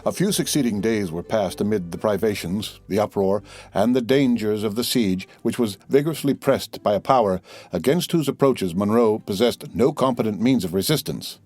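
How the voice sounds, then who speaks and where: A man's voice: lowish voice, lively intonation, moderate pace, a little mellow, faint music behind. Man narrating a classic novel. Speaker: audiobook narrator. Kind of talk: scripted narration.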